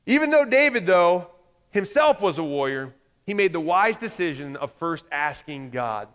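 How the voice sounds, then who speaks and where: A man's voice: high-pitched, big pitch swings, moderate pace, a bit bright. A man preaching a conversational sermon, often acting out quoted voices as he speaks. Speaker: pastor. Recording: reverberant hall.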